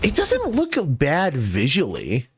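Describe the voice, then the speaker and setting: Sarcastic joking man, lively pitch. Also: slow pace, faint music behind. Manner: joking, sarcastic, swears freely. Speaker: co-host reacting to a trailer. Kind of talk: casual reaction chat.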